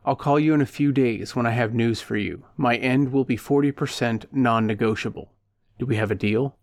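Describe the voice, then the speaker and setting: A cold, calculating hired punisher, calm and firm, every word measured, as a male narrator plays him. The voice sits at an ordinary pitch, recorded dry and close. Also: no echo, lightly acted. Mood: calm businesslike.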